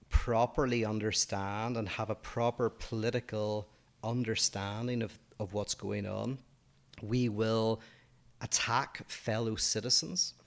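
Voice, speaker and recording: A man with a low voice talks through ideas on a podcast. He hesitates often and fills the gaps with soft fillers as he works out each thought. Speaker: podcast co-host. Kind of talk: casual discussion of politics and philosophy.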